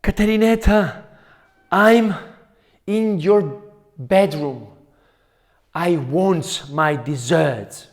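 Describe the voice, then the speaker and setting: A man voicing a vengeful, hungry aunt in a told folk tale, speaking in slow, looming threats. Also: a little high. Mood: menacing.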